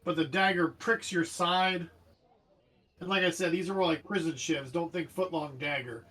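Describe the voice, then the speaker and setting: A man narrating a tabletop game as game master, animated and jokey, describing the action vividly. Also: fairly high pitch, moderate pace. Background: faint background music.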